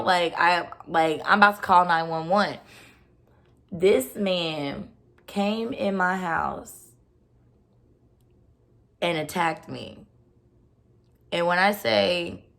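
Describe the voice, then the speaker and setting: A woman's voice: on the low side, animated, slow, pauses often, fairly bright tone. A woman vlogger telling a personal story in a blunt, casual rant, swearing freely and filling her talk with "like". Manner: blunt, profane, heavy use of "like".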